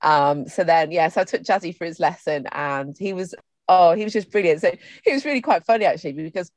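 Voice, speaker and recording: A woman's voice: on the low side, fairly quick, no echo. A middle-aged woman chatting casually as a podcast co-host, rambling through stories with plenty of fillers and restarts. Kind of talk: casual chat.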